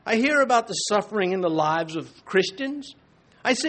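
High-voiced man preaching emphatically. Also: expressive, normal speed, a bit bright. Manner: emphatic preaching with rhetorical questions. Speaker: pastor. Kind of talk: sermon.

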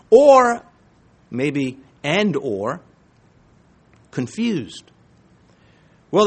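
A man preaching with a lively, swooping delivery that climbs sharply when he presses a point. His voice sits a bit above the usual male range. He drops into quiet asides, then rises again in raised exhortation. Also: a little high, breathy edge. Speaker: pastor. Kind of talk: sermon.

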